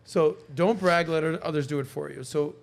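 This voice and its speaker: A man's voice: on the high side, moderate pace, vocal fry. A man hosting a podcast in casual chat, telling stories and acting out the people he quotes. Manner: animated storyteller who acts out quoted voices. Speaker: podcast host.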